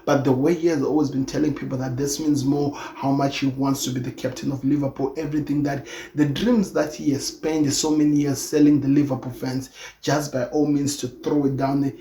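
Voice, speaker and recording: A man's voice: mid-range voice, flat delivery, a little fast, warm tone. A man giving his opinion on football in an earnest, emphatic way, often repeating himself as he hosts his own channel. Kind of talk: opinion commentary monologue. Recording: echoey room with faint ambient noise.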